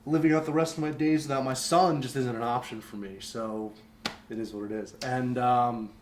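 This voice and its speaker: A man's voice: mid-range voice, fairly even intonation, moderate pace. A young man telling a personal story in conversation as a podcast guest, candid and rambling, full of fillers. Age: young adult. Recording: roomy echo, faint background noise.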